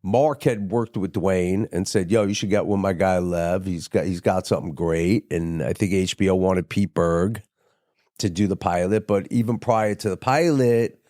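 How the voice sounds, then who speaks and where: A man's voice: low voice, moderate pace, a little mellow, dry recording, clean studio sound. A man as a podcast guest, telling stories in a laid-back, profane, rambling way with lots of fillers. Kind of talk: casual storytelling interview.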